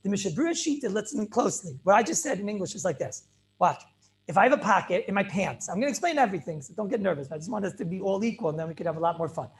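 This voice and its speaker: A man's voice: sits high, animated, racing. A man teaching a Talmud class over a video call as a rabbi, emphatic and repetitive, with Hebrew and Yiddish terms mixed into his English. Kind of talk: animated Torah lecture.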